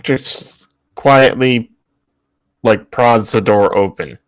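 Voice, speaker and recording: A man's voice: mid-range voice, drawn-out words, smooth, dry recording. A man playing a tabletop role-playing game, describing his character's moves in a hesitant, casual way. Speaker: player.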